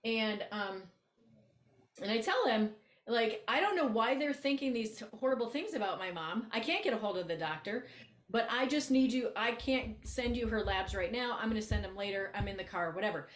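A woman co-hosting a podcast, telling a story in casual chat, blunt and animated, acting out both sides of a conversation. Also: a little high, moderate pace, roomy sound. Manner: animated, blunt, acts out quoted exchanges. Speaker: podcast co-host, coach.

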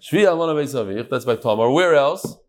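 A man's voice: mid-range voice, animated, brisk. Man leading a sing-song Talmud class. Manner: questions students and sing-songs the quoted text. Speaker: Talmud teacher.

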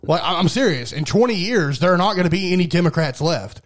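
A man's voice: high voice, animated, fast talker. A man co-hosting a podcast in casual, profane chat, sarcastic and telling stories. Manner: crude, sarcastic, storytelling. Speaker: podcast co-host.

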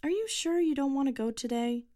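A woman voicing a tired, patient mother who asks gentle questions. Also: sits high, lively intonation, fairly quick, pitched above the performer's own voice. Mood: concerned.

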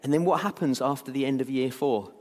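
A man voicing a kind, gentle female primary school teacher who speaks softly and reassuringly, with a ringing hall reverb. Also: mid-range voice, brisk, lightly acted. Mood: gentle, soothing.

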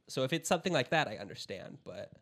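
A man's voice: mid-range voice, sing-song, gravelly, fairly bright tone. Laughing young man hosting a podcast. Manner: laughs often, halting restarts. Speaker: podcast host and editor. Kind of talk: casual podcast chat.

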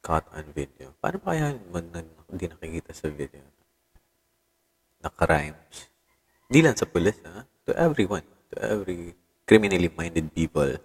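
Low husky Filipino man musing on news. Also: animated, measured pace, long pauses, long reverb tail. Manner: rambling, code-switching, swears often. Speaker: podcast host. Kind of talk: casual solo podcast chat reading news.

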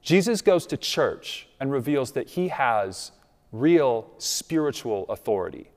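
A slightly slow, slightly mellow male voice of medium pitch carries an expressive sermon through a church sanctuary. The pastor stays conversational, checking in with "right?", and the sound echoes with a large hall's long reverb.

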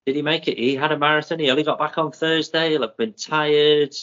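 A man co-hosting a running podcast, working through race results in a steady, methodical way with plenty of ums. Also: fairly high pitch. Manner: methodical, with many ums and drawn-out names. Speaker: podcast co-host. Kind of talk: casual chat, reading out running results. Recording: muffled lo-fi audio.

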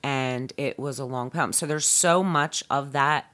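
A middle-aged woman with a notably low voice, chatting casually as a podcast co-host. She is curious and playful, teasing her partner and firing off questions. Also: a little slow, a bit bright. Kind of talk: casual chat.

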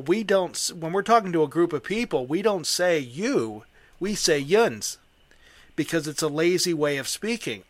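Older pittsburgh-area guy hosting, kinda high voice, dry close sound, chatty. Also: dry recording. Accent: Western Pennsylvania. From Western Pennsylvania. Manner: chatty, enthusiastic, explains at length. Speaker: host. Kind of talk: casual conversation.

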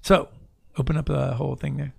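A man walking through a Bible passage in a relaxed teaching chat, often repeating and restarting his phrases. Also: medium pitch, fairly quick, vocal fry, slightly rough. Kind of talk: casual Bible discussion.

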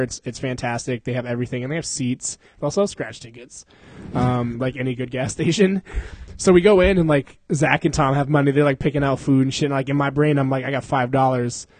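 A young man casually telling a rambling story to friends, laughing often and swearing. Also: mid-range voice.

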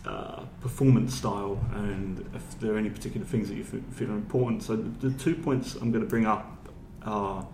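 A man moderating a panel discussion, asking questions in a measured way with some hesitant fillers. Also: on the low side, fairly even intonation, reverberant, noisy background.

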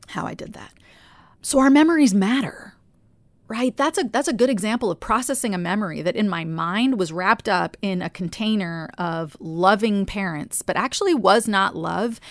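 A podcast host with a New Jersey accent offers an earnest, confessional personal reflection, often dropping to a soft near-whisper. Her voice is medium-pitched and gravelly, with no echo.

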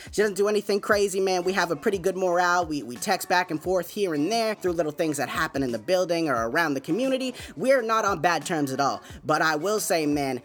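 His voice is high-pitched and a bit bright as this man hosts his own podcast from home. It's a casual storytelling monologue, delivered in a laid-back, chatty way packed with asides and fillers such as "man" and "you know what I'm saying."

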